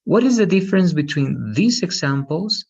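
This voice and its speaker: A man's voice: fairly high pitch, sing-song, normal speed, vocal fry, a little mellow, husky, highs cut off. A man teaching an English lesson, patiently explaining and often checking in with "right?".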